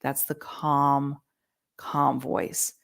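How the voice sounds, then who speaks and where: A woman talking through communication skills on a podcast, teaching in a lively way and acting out quoted lines. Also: a bass voice, drawn-out words, vocal fry. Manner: animated teaching, acts out quoted voices. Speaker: real estate agent. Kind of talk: podcast conversation, coaching.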